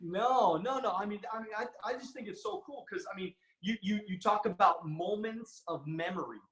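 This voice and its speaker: A man's voice: high-pitched, normal speed, a bit bright. A man hosting an interview, enthusiastic and full of praise for his guest. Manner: enthusiastic, repeated exclamations of praise. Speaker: podcast host, interviewer. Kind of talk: casual interview. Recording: roomy echoey sound.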